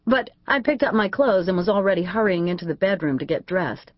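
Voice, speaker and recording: A woman narrating a first-person audiobook in a lively, wry storytelling manner. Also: mid-range voice, brisk, hardly any pauses, no room sound, highs cut off.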